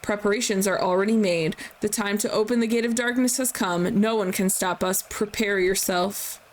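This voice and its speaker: A woman reading out the lines of a stern, proud aging king from a game, in a flat reading voice close to her own. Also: mid-range voice, normal speed, slight background noise, close to an everyday voice. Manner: flat reading of on-screen dialogue.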